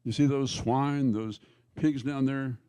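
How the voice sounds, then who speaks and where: A man preaching a sermon, voicing a band of demons who beg in a slow, raised voice. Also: medium pitch, fairly even intonation, dark tone, clear, resonant tone, voice pushed up, natural voice. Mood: pleading. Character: pleading demons possessing a man.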